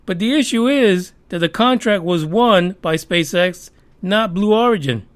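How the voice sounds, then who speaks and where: A man's voice: high voice, expressive, unhurried. A man hosting a podcast, giving heated, profane, sarcastic commentary on the news. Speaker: podcast host.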